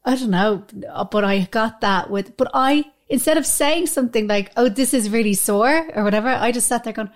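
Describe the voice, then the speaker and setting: This is an Irish woman co-hosting a podcast in casual conversation, her voice fairly high-pitched. She moves at a moderate pace with few pauses, telling lively stories and laughing a lot.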